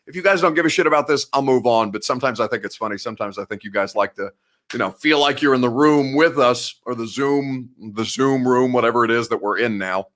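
Man around 30, casual live-show host, rambling, restarts often, bright tone. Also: mid-range voice, fast talker. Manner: rambling, self-interrupting, laughs often. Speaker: podcast host and sports reporter. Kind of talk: casual live-show chat, reading viewer comments.

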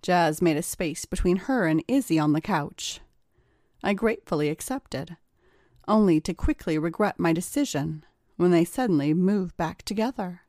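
A woman narrating an erotic story in a slow, measured storytelling manner. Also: on the low side, animated, mellow, no echo, studio quality.

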